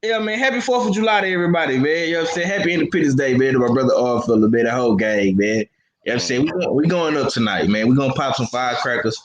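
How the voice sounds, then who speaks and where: A man hosting casual boxing talk, animated and slangy, who repeats himself as he talks. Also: medium pitch, racing, a crowd in the background. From Houston. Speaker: boxing podcast host. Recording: echoey room with faint noise.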